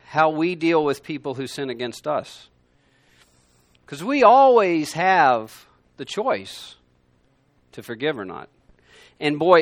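A man teaching a Bible lesson to a room of listeners, conversational and emphatic, swinging between loud and quiet. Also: fairly high pitch, no room sound. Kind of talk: sermon. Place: room with a gathered class.

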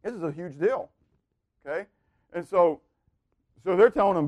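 A man with a high voice leads a Bible class, quizzing his listeners and waiting on their replies. He swings from loud emphasis down to near-murmured asides. The sound is dry and close. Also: expressive, moderate pace, no echo. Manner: asks the class questions and waits for answers. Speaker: Bible teacher. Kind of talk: interactive Bible teaching.

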